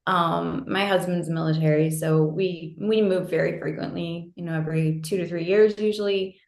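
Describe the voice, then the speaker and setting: A friendly American woman chatting as an interview guest, her low voice slightly gravelly with fry. She talks loosely with lots of fillers, heard over a video call in a roomy, echoey space. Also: steady tone, normal speed, darkish tone. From New Hampshire, USA. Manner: friendly, laughs easily, many fillers like um and like. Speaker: guest, fitness coach. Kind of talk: casual interview chat.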